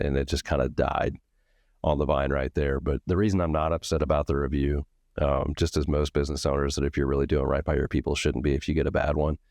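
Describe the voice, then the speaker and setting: A man's voice: rumbling low, a little mellow, no echo, studio quality. A man hosting a podcast, telling a story in a casual, candid way with some swearing and acted-out dialogue. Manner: candid and profane, acts out both sides of a story. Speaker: podcast host.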